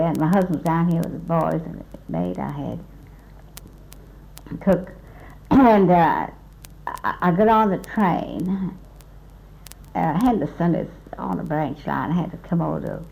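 An older woman from South Texas speaks in a deep, creaky, mellow voice, rambling through her memories in a recorded oral history interview. She quotes what others told her and keeps restarting and correcting herself. The rough recording carries a faint hiss or hum.

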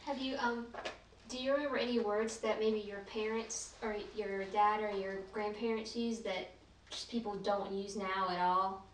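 A woman asks gentle, curious questions in an interview. She sits some way from the mic in a roomy space with a faint hiss behind her. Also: medium pitch, fairly even intonation, normal speed. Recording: roomy, distant, faint noise.

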